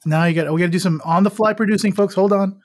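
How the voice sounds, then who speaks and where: Male podcast co-host, casual storyteller, higher-pitched, dry close recording. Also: very fast, no echo. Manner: chatty, laughs often, many restarts. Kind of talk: casual travel chat.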